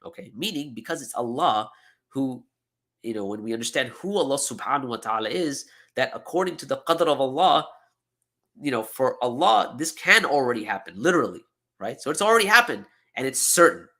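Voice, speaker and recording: Man, seminar teacher, bright forceful voice, emphatic lecture, checks in with the room. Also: mid-range voice, brisk. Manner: emphatic, animated explaining with frequent "okay?" and "right?".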